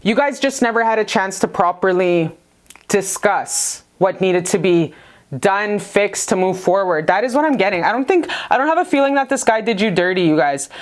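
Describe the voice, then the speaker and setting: A woman's voice: mid-range voice, expressive, normal speed. Blunt, profane woman giving a tarot reading. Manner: blunt, profane, chatty, addresses viewers as you guys. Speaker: tarot reader. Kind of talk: casual tarot reading to viewers.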